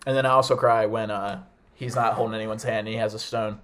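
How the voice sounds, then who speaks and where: A man's voice: on the low side, fairly even intonation, quick pace, a bit bright. A young man hosting a casual podcast chat, eager and enthusiastic, calling on each guest in turn. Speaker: podcast host.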